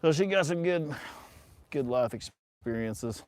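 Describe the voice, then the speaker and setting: A man's voice: fairly high pitch, animated, unhurried, darkish tone. A middle-aged man hosting a casual livestream, telling a rambling story with frequent laughter and casual swearing. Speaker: livestream host.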